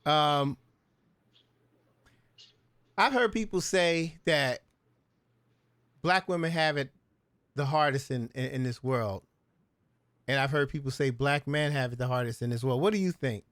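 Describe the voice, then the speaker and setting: A man's voice: medium pitch, unhurried, long pauses, a bit bright, no echo. A man hosting a casual podcast discussion, putting questions to his guests and stumbling over repeated words. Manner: hesitant, repeats words while asking questions. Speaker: podcast host.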